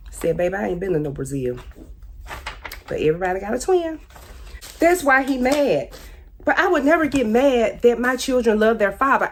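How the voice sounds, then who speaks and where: A woman's voice: mid-range voice, slight background noise. Woman venting candidly about her ex. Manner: candid, repetitive, pointed, Southern-tinged informal grammar. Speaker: speaking out about her ex-husband. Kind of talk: emotional personal testimony.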